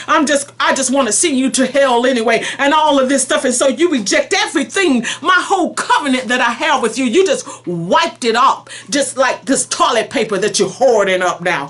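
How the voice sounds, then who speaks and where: A woman preacher delivering a prophetic message spoken in God's voice, pleading and emphatic, shifting between soft and forceful. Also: high-pitched, normal speed, hardly any pauses.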